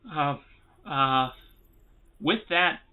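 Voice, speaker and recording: A man narrating as game master in a tabletop game, relaxed and halting with lots of filler pauses. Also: fairly high pitch. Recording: tinny phone-like sound.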